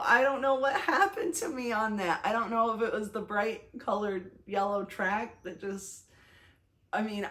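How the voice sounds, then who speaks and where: A young woman vlogger casually retelling her day, chatty and animated, with lots of fillers and self-conscious restarts. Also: on the high side. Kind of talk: casual storytelling recap.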